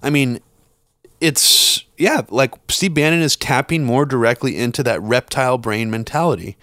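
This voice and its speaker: A man's voice: mid-range voice, normal speed, fairly bright tone, no echo. Blunt man on a dry mic. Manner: blunt, rambling with restarts and swearing. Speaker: podcast co-host. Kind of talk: casual political chat.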